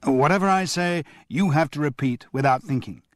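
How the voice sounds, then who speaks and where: A man doing an excitable older grandfather. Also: a little high, moderate pace, dry recording, studio quality, voice pushed up, close to an everyday voice. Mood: playful. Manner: playful, then urgent and stammering.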